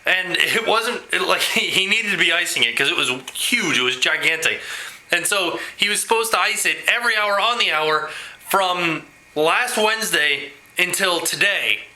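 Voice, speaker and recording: A man talking in a rambling, animated way in a casual home video blog, quick to laugh. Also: high-pitched, low-quality recording. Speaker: vlogger. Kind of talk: casual vlog chat.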